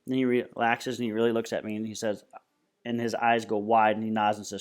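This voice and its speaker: A man reading a novel aloud in plain, steady storytelling. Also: on the low side, fairly quick. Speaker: reader.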